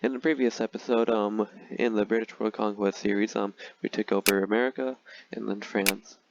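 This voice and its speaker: Low-voiced man with sarcastic game commentary. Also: steady tone, normal speed, vocal fry, muffled recording, a little hiss or hum. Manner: chatty and sarcastic, with filler words. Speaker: gaming video creator. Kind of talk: casual strategy game commentary.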